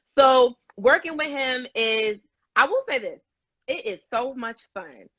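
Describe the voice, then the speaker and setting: Here the same kind of casual live interview chat features a woman guest who talks eagerly and breaks into laughter. She speaks at a slow pace in a high-pitched, animated voice with a fairly bright tone and no echo. The audio is dry, dull and lo-fi, like a video call.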